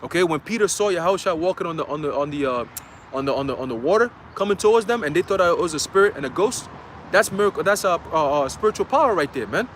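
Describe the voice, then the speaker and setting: A man's voice: a little high, lively intonation, quick pace, fairly bright tone, a little hiss or hum. A man preaching a casual livestream sermon in a loose, conversational way, full of fillers, reading scripture aloud.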